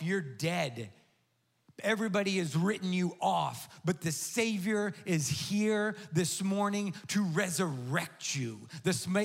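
A male pastor preaching a sermon, his voice sitting high for a man. He builds emphatic, repeated phrases and swings between intimate lows and animated pushes. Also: gravelly. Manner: animated storytelling, emphatic repetition.

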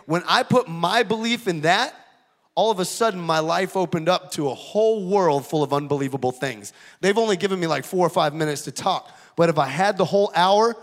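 A man giving a lively, joking church testimony as guest speaker. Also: high voice, long reverb tail. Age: 30s. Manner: energetic, jokey, casual preacher talk. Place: church auditorium.

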